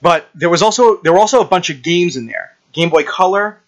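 A man with a slightly high voice co-hosts a casual chat. He tells long, rambling stories and drops crude jokes along the way. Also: expressive, a little fast. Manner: rambling, crude joking storyteller. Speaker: podcast co-host.

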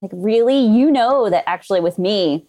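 A woman's voice: medium pitch, animated, moderate pace, dark tone. A woman guest on a podcast, a veterinary anesthesia technician, talking in an upbeat, chatty way. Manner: upbeat, laughing easily, chatty. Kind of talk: casual podcast interview.

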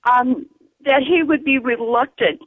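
A woman calling in to a radio show, speaking earnestly and emphatically, with many fillers and pauses. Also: high-pitched, breathy edge, dry recording. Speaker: caller. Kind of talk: call-in radio comment. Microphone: telephone. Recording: tinny phone line.

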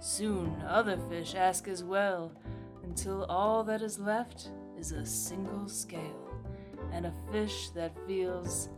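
A woman voicing a smooth, cool female radio DJ as she reads a book summary aloud. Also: fairly low pitch, slow pace, music in the background. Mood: cool, laid-back.

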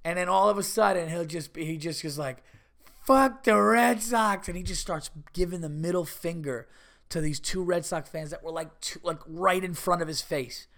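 A middle-aged man tells a long, meandering story on his podcast. His voice sits a little high, with a gravelly fry underneath. He keeps doubling back and restarting his sentences as he goes. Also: a little fast. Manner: rambling, animated, with many restarts and mock voices. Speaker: podcast host. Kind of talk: casual storytelling.

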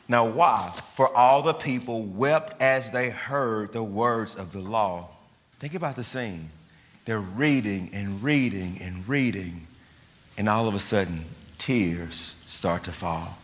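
Forceful man preaching in a reverberant hall. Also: mid-range voice. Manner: conversational, questions the congregation. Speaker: pastor. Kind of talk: sermon. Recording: long reverb of a large hall.

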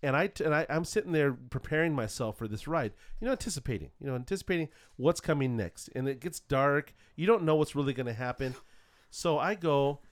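Middle-aged male co-host, animated storyteller, higher, very expressive pitch. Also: brisk. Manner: animated, acts out quotes with big pitch jumps. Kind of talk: casual storytelling chat.

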